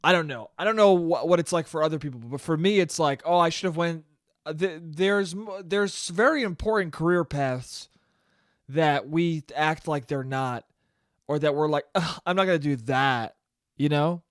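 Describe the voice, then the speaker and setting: Speaking at a moderate pace in a voice on the high side, this young podcast host goes on a solo comedic rant, swearing, mocking himself, and mimicking whiny gripes. The audio is studio quality with no echo.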